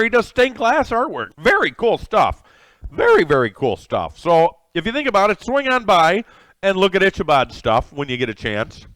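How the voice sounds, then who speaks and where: A man's voice: on the high side, a bit bright, no room sound. A middle-aged man hosting a live cooking stream from his home kitchen, eating as he talks and greeting viewers by name. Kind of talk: casual live-stream chat while eating.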